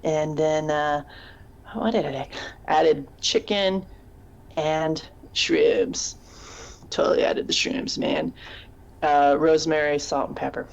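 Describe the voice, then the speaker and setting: A woman's voice: low-pitched, expressive, slow, long pauses, lo-fi sound. A woman co-hosting a casual live chat show, a teacher who rambles through stories and laughs often. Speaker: podcast co-host.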